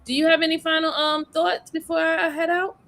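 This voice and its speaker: A woman's voice: extremely high pitch, flat delivery, a little fast, a bit bright. A woman hosting a casual livestream, chatting about a case and thanking viewers. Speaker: livestream host.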